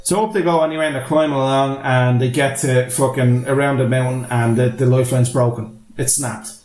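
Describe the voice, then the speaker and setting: A man's voice: medium pitch, steady tone, a little fast, darkish tone, echoey room. An Irish man hosting a podcast, recapping a film in a rambling, sweary, laughing way. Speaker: podcast host. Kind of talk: casual podcast movie recap.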